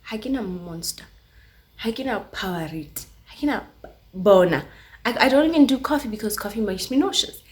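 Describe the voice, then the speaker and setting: A South African woman vlogger telling a story casually, full of filler words, switching languages mid-sentence and acting out sounds. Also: on the high side. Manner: animated storytelling with sound effects. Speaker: YouTuber.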